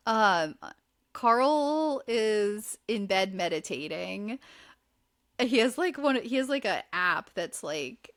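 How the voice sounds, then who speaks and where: A woman's voice: medium pitch, very animated, unhurried. A woman hosting a podcast, recapping a reality show in casual chat, talking loosely with lots of fillers and the odd swear word. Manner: chatty, filler-heavy, swears freely. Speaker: podcast host.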